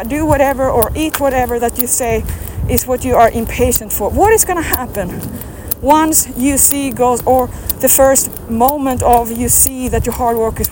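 A woman with a high voice talks outdoors, firing questions at her viewers in a rambling, emphatic fitness pep talk. Street traffic hums clearly in the background. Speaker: fitness coach. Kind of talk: motivational vlog talk.

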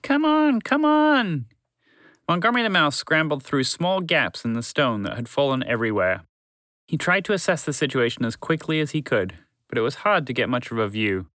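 A man narrating a children's story in a calm, measured, friendly way. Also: mid-range voice, dry recording.

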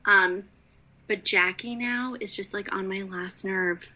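A woman's voice: mid-range voice, steady tone, slow, sharp tone, muffled recording. A woman co-hosting a casual reality TV recap, blunt and opinionated.

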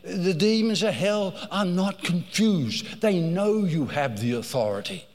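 A man's voice: sits high, expressive, measured pace, big-room sound. A man preaching a sermon, telling stories with animation and repeating phrases for emphasis.

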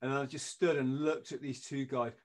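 A man's voice: medium pitch, normal speed. A middle-aged man, a podcast guest telling stories in casual chat and acting out what people said. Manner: lively anecdotes, acting out quoted lines in punchy bursts.

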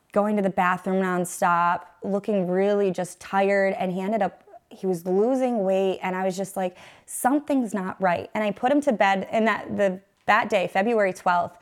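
A woman's voice: mid-range voice, steady tone, normal speed. A woman in her thirties, a mother, earnestly telling an emotional personal testimony in an interview. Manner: earnest, emotional storytelling, faith-focused. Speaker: guest, mother.

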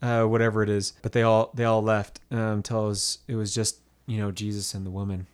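A man co-hosting a faith-based podcast, telling a scripture story in a relaxed, animated way and acting out the voices in it. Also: on the low side, a little fast, clear, resonant tone. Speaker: podcast co-host. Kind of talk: casual faith-based chat.

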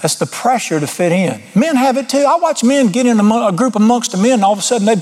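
A man's voice: very high-pitched, expressive, fast talker, hardly any pauses, darkish tone, slight background noise. A middle-aged man preaching an informal sermon, folksy and blunt, with sudden emphatic rises.

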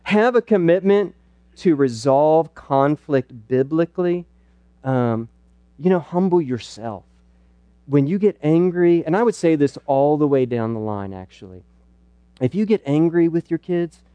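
Middle-aged male pastor, earnest and chatty, slightly high voice, mellow tone, dry close sound. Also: animated, moderate pace, no echo. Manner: earnest and conversational, with playful asides. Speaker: pastor speaking at a parenting night. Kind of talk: church teaching talk.

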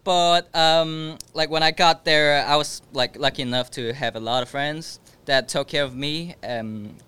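A young man in his late teens, a guest in a casual chat, talking softly and hesitantly with many fillers. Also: on the high side, steady tone, measured pace, clear, resonant tone, no echo. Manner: soft-spoken, hesitant with fillers.

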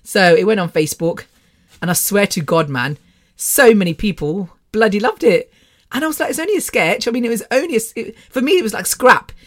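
Expressive and fairly quick, her mid-range voice carries a casual personal monologue. She's a middle-aged British podcast host who tells stories in a chatty, meandering way, laughing a lot.

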